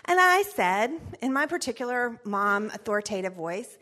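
Middle-aged woman, high and expressive, animated church-class storyteller. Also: moderate pace, few pauses. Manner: chatty, animated, laughs often. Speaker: church parenting class speaker. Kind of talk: storytelling talk.

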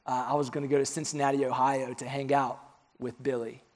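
A young man preaching a sermon, telling stories and dropping low and soft for confessions, then lifting his voice for questions. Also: flat delivery, fairly quick. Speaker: pastor.

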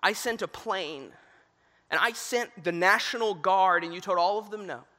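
A man voicing God as a calm, fatherly figure who speaks slowly and patiently. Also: high-pitched. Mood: gentle. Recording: reverberant hall.

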